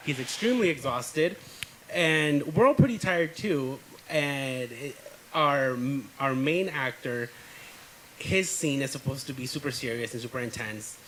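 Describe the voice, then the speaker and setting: A young man tells a set story in a relaxed, filler-laden way. His voice is bright and forward, at a middle pitch. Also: measured pace, slight background noise, poor audio. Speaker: filmmaker, guest. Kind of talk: casual storytelling interview.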